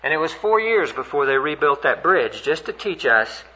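An older man preaching a sermon, earnest and animated as he tells a story, voice climbing high when stirred. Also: moderate pace. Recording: dull, lo-fi recording.

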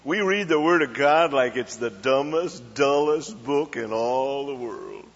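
A man's voice: medium pitch, measured pace. A man preaching a folksy storytelling sermon, often asking the crowd questions and acting out small scenes. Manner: folksy, asks the crowd questions, acts out voices. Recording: dull lo-fi hall recording.

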